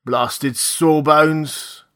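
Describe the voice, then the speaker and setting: A brutish red-haired sea captain, drunk and surly, as a male reader puts him on. He drags his words out slow and slurred and barks them loudly in a sleepy growl. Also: a little high, fairly even intonation. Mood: drunken surly.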